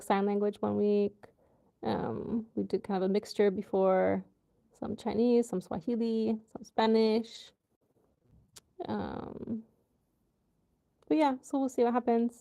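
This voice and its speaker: An American woman hosts a relaxed livestream from home, chatting casually with viewers in a loose, rambling style full of ums and likes. She has a mid-range voice that's mellow and dark, with gravelly vocal fry underneath.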